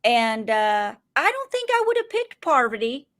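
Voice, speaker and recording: Speaking a little high and a little slowly, a woman with a Southern American accent co-hosts a casual podcast recapping reality TV. She's animated and playful, acting out quotes as she goes.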